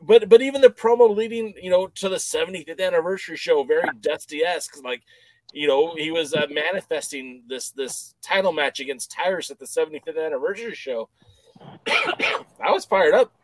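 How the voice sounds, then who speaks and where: A man's voice: a little high, fairly quick, no echo, rough recording. A man co-hosting a casual wrestling podcast, talking enthusiastically in long run-on stretches. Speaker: podcast co-host.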